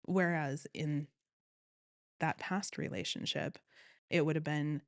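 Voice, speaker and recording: A woman telling her own story as an interview guest, earnest and animated, often quoting what others said. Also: deep voice, slow pace, pauses often, no echo, clean studio sound. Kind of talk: personal story in conversation.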